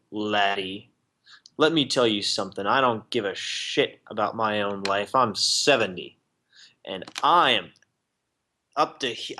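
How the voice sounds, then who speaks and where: A man's voice: medium pitch, pushed and bright. A man voicing a bitter, defiant seventy-year-old male prisoner who speaks with scorn and swears freely. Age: 70s.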